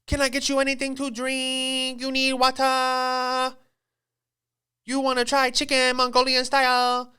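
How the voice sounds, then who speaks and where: A man voicing a female waitress who puts on a fake accent, speaking high and clipped in short, sing-song questions. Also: monotone, a little slow, sharp tone, smooth, exaggerated voice. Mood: chirpy. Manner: short broken questions to diners.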